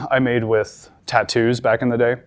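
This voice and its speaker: A man's voice: medium pitch, flat delivery, measured pace. A male paramedic instructor giving a classroom lecture, talking conversationally and repeating the key points with emphasis.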